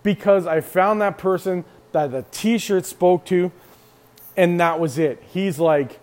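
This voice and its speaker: A man's voice: sits high, slow pace, a little mellow. Fired-up man, emphatic motivational speech. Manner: fired-up and emphatic, repeating himself with many restarts. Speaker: clothing brand owner speaking to viewers. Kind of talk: emotional motivational monologue to camera.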